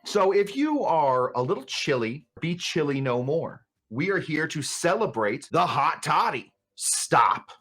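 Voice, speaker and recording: A man's voice: on the high side, sing-song, a little slow, few pauses, a bit bright, slightly rough. A man hosting a cocktail tutorial, joking and rambling with playful exaggeration. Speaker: cocktail show host. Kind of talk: casual comic cocktail tutorial.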